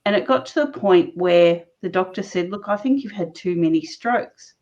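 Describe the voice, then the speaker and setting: A woman guest recounting her own story in conversation, animated and laughing often as she talks. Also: on the low side, moderate pace. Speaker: interview guest. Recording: dull lo-fi recording.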